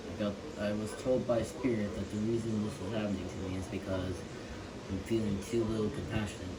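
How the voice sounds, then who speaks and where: A man's voice: on the low side, flat delivery, fairly quick. A young man voicing a fan-made cartoon short, sarcastic and rambling, with stammered restarts. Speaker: amateur voice actor. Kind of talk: fan animation voice acting. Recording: loud background noise with typing clicks.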